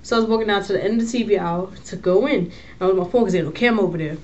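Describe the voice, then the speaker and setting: A woman's voice: medium pitch, very fast, lo-fi sound. Slangy young woman telling a story. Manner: slangy, animated, swearing storyteller. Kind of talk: casual storytelling vlog.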